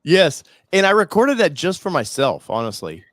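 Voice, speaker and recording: A man hosting a live talk show, chatting casually in a rambling, excitable way with frequent restarts. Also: a little high, normal speed, no echo. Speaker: show host. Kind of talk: casual chat.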